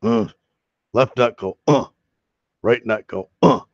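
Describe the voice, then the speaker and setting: A man voicing a male patient in a spoken joke, talking in halting, broken phrases with grunts between them. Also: medium pitch, sing-song, vocal fry, no echo, full character voice. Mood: deadpan. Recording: dull lo-fi stream audio.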